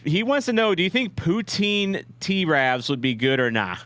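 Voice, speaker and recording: A man's voice: on the high side, big pitch swings, unhurried, fairly bright tone, no room sound. A man hosting a live-stream watch-along, chatting casually with viewers in a rambling, self-deprecating way with many restarts. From St. Louis, USA. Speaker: livestream watch-along host.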